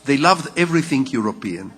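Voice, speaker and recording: Husky older man with an Israeli accent. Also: mid-range voice, lively intonation, fairly bright tone, in a large hall, faint music behind. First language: Hebrew. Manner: measured storytelling with rhetorical repetition. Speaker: writer giving a lecture. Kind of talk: public lecture. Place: large lecture hall.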